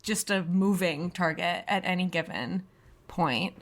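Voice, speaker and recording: A woman's voice: lowish voice, measured pace. A woman co-hosting a podcast in casual chat, blunt and playful, swearing freely and giggling. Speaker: podcast co-host.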